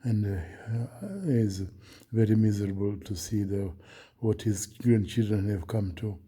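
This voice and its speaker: A man from Oman, recounting a dream in a hesitant, earnest way, with many pauses and restarts. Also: fairly low pitch, mellow, slightly rough. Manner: earnest, solemn. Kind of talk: unscripted personal account.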